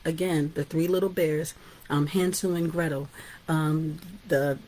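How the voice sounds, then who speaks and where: Husky woman teaching storytelling. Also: sits low, steady tone, unhurried, darkish tone. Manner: chatty, asks "right?" and "guess what?". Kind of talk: informal storytelling lesson.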